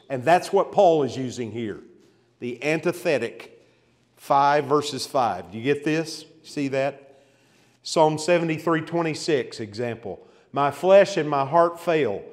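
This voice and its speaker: A man's voice: mid-range voice, big-room sound. A man teaching an expository Bible lesson to a men's class, reading scripture aloud with building emphasis and checking in with questions. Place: church hall.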